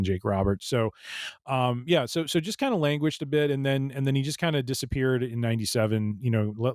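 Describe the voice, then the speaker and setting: On a casual podcast, a male co-host chats in a rambling way, piling up fillers and restarting his sentences. His voice sits at a medium pitch, captured in a dry recording.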